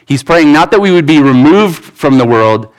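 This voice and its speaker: A man's voice: fairly high pitch, expressive, moderate pace, low-quality recording. A pastor in his thirties preaching a sermon in an earnest, conversational way, with asides and restarts.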